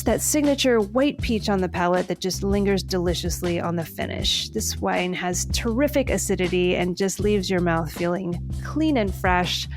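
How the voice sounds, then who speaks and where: A woman podcast host giving an enthusiastic scripted narration of a wine tasting, spelling out terms as she goes. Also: medium pitch. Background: music.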